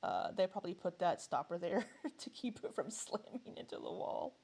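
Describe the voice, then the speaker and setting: Lady reacting to a vid, kinda gravelly, lots of ums and little laughs. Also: fairly low pitch, sing-song, moderate pace, a little mellow. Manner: chatty, hesitant, laughs often. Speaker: reaction vlogger. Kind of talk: casual reaction commentary.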